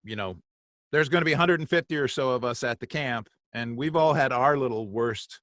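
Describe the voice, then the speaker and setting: A man hosting a casual interview, enthusiastic and quick to laugh. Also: mid-range voice, fairly bright tone, dry recording. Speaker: podcast host.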